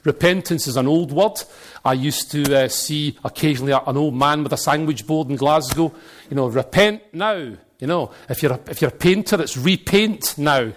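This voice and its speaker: A middle-aged man with a Glaswegian accent preaching a sermon, telling animated stories and jokes and now and then breaking into shouts. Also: on the high side, fairly quick.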